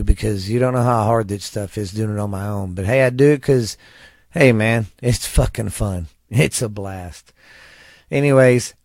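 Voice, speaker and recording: A man's voice: mid-range voice, no room sound, clean studio sound. A male podcast host chatting casually and profanely, then reading history aloud with stumbles.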